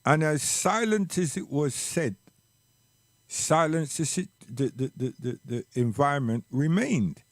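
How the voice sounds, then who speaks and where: Guy telling his story real slow, kinda high voice, keeps repeating himself. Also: lively intonation, no echo. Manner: slow and reflective, repeats words for emphasis. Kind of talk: personal storytelling monologue.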